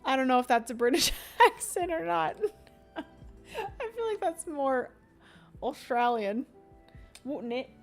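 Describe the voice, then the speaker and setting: A woman's voice: high-pitched, expressive, a little slow, pauses often, faint music behind. A young woman streamer chatting casually and giggling as she rambles through a livestream.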